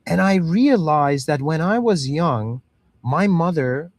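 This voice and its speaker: Thirties male lecturer from the Middle East, casual and chatty, fairly high pitch, dry close recording. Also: expressive, slow, no room sound. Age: 30s. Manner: conversational, repeats "you know" and "okay"; acts out parent and child voices.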